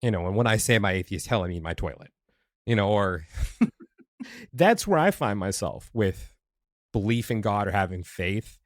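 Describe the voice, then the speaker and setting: A man's voice: lowish voice, expressive, moderate pace, long pauses, no room sound, studio quality. A man hosting a podcast, talking candidly and thinking aloud, with restarts and playful asides. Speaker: podcast host, past life regressionist. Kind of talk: casual conversation.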